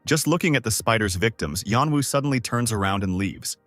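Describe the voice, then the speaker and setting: A man narrates a comic recap in a scripted, storytelling voice. His pitch moves a lot, and the recording is dry and close. Faint music plays beneath him. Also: a little fast, no room sound. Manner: steady storytelling voice that swings into character voices.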